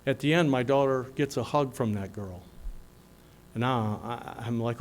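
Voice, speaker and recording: A middle-aged man giving a graduation speech, telling a story in a folksy, animated way with quick asides. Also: medium pitch, a little hiss or hum. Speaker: graduation speaker.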